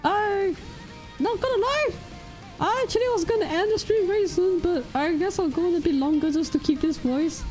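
Super high squeaky cartoon mouse, all flustered gasps and oh-no's. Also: female voice, normal speed, darkish tone, soft background music, poor audio. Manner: gasping, frantic exclamations. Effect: high pitch-shifting voice changer. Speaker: game streamer. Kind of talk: live-stream game commentary.

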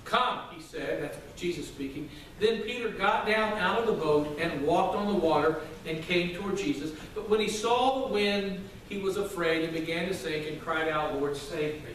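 Male pastor, sermon, loud and emphatic, very high voice, booming church echo. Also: moderate pace, few pauses. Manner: loud, emphatic preaching with asides to the congregation. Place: church sanctuary. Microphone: microphone at a distance. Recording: very echoey hall, from far off, faint noise.

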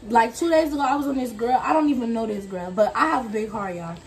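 Young woman co-host, earnest storyteller, fairly high voice. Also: fast talker, a little mellow. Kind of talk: casual chat.

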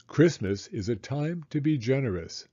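Father turtle, calm, measured, mellow, man reading. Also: mid-range voice, husky, dry recording, highs cut off.

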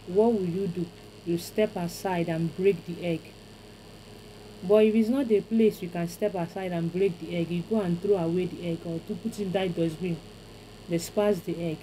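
Woman, Nigerian accent, spiritual teacher, mellow low voice, faint noise behind. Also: low-quality recording. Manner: chanting invocations, deliberate repetition. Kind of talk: instructional ritual teaching.

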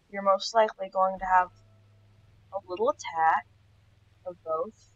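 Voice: medium pitch, a bit bright. A gaming host with a stuffy nose, chatting casually through gameplay and getting startled now and then. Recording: dull lo-fi sound.

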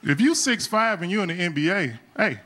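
Stand-up comedian, slangy and conversational. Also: male voice, sits high, animated, brisk, pushed and bright, a little hiss or hum. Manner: loose, conversational delivery with slangy asides. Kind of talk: live stand-up routine. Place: comedy club stage.

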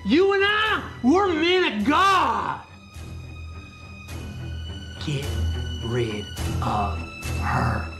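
An actor playing a strict, furious religious father who shouts and scolds, with a Southern accent. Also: very high-pitched, huge pitch swings, drawn-out words, long pauses, over music, heavily acted.

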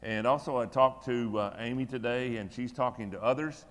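A man's voice: mid-range voice, moderate pace, big-room sound. A middle-aged man serving as pastor, giving church announcements and prayer requests in a folksy, conversational, encouraging way in a church room.

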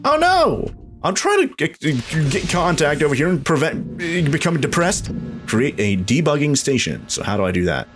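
Young man, let's play commentary, excitable chatter, very animated pitch, faint music behind. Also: normal speed. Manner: excitable, chatty, squeals up high when startled. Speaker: gaming channel host.

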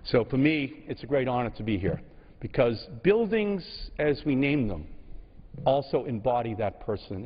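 A man in his sixties speaks from the floor of a large legislative chamber, the long reverb trailing each phrase. His oratory is slow and emphatic, broken by frequent pauses, and the sound is a little dull and muffled. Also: mid-range voice. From Massachusetts. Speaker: congressman. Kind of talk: floor speech.

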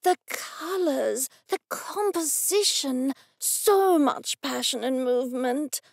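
A woman voicing an older male gallery owner who gushes with slow, drawn-out enthusiasm, in an audiobook. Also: on the high side, animated, creaky, breathy edge, no echo, studio quality, full character voice. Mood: gushing.

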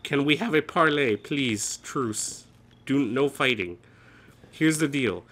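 A man's voice: mid-range voice, slow pace, a bit bright, slight background noise. A man hosting a horror game let's play, nervous and jumpy, swearing often and cracking self-mocking jokes.

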